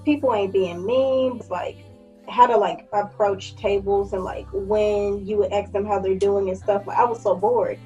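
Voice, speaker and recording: A woman in her twenties telling a story in a casual vlog, blunt and profane, with lively acted-out quotes. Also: medium pitch, normal speed, muffled recording, faint music behind. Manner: blunt, profane, animated quoting. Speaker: vlogger.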